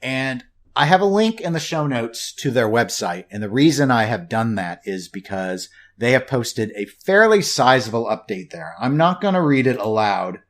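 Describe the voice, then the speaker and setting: A man's voice: mid-range voice, sing-song, moderate pace. A man co-hosting a laid-back podcast, chatting at length in a rambling way. He drops wry asides and often restarts his sentences. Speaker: podcast co-host. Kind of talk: casual podcast chat.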